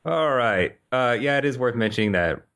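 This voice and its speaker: A man hosting a podcast in casual chat, relaxed with teasing banter. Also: medium pitch, normal speed, smooth. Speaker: podcast host.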